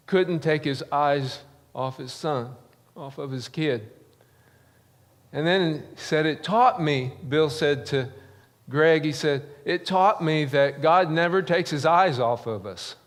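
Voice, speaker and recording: A man preaching a sermon as pastor, telling a story gently with pauses and fillers, moved to emotion. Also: mid-range voice. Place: church sanctuary. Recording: church sanctuary with long reverb.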